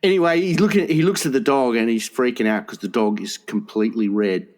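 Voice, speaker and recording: A man's voice: mid-range voice, a little fast. A man co-hosting a comedy podcast, telling a rambling, sweary story and laughing as he goes. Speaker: podcast co-host. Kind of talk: casual storytelling.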